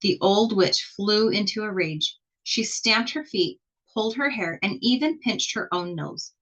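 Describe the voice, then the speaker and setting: A woman reading a children's picture book aloud in an expressive, slow storytelling manner. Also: mid-range voice, highs cut off. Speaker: storybook reader.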